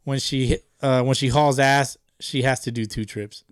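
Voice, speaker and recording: A man's voice: mid-range voice, fairly even intonation, normal speed, clear, resonant tone, no echo, clean studio sound. Laughing, swearing male podcast host. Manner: laughs often, swears, reads listener jokes aloud. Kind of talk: casual chat.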